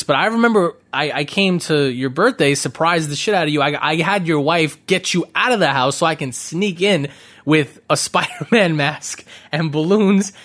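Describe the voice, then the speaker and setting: A man hosting a casual interview podcast, talking in a rapid, chatty way with frequent ums and self-corrections. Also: mid-range voice, a bit bright. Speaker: podcast host.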